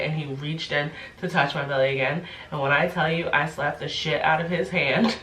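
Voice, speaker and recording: Young woman vlogging with a stuffy nose, bright voice, echoey room a bit off mic, faint noise. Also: low voice, fairly even intonation, moderate pace, distant mic. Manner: chatty storytelling, lots of "like". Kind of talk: casual pregnancy update vlog.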